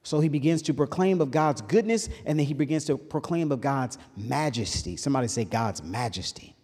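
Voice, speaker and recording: A man preaching a sermon in an animated call-and-response style. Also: a little high, moderate pace. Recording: reverberant hall.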